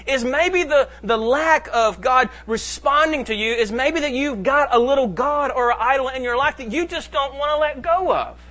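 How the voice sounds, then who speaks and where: Bright high-voiced male pastor preaching. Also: moderate pace, few pauses. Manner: preaching with emphatic rises and drops in volume. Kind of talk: sermon.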